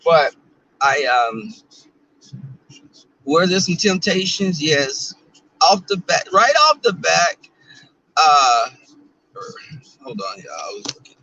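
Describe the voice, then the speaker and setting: On a rough recording, a Southern US-accented man in his twenties chats sassily and jokes with live viewers as he drives. His slightly high voice is pushed and bright with lively intonation, and he takes it slowly, pausing often.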